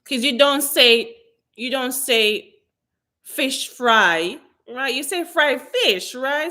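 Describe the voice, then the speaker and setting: A woman from Jamaica with a Jamaican accent, hosting a live stream about hair care and answering viewers' questions in a sassy, animated, chatty way. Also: high voice, slow. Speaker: hair care channel host. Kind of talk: casual live-stream Q&A chat.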